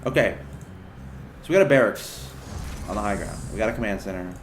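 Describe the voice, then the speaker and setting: A man doing casual esports commentary on a strategy game match, chatty and excitable. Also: lowish voice, fairly quick, echoey room, background noise.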